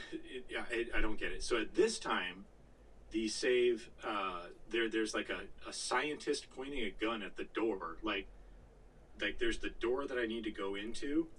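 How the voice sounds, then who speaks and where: A man's voice: lowish voice, fairly bright tone, far from the mic, slight background noise, poor audio. A man co-hosting a podcast, telling a long gaming story in casual chat, full of fillers, restarts and the odd swear word. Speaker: podcast co-host.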